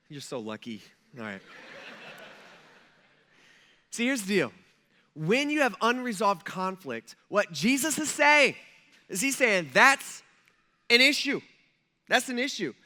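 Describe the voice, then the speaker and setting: A man's voice: high-pitched, pushed and bright. A man preaching a conversational sermon in a church, telling stories and acting out quoted asides. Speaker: pastor.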